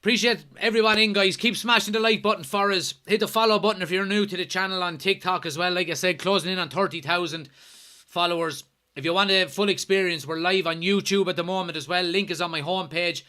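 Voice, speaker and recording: An Irish man from Kilkenny hosting a live football watchalong, commenting on the match, yelling and swearing at the referee, and reading out chat messages. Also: sits high, fast talker. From Ireland, Kilkenny. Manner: excitable, yells at the referee, swears. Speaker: watchalong host.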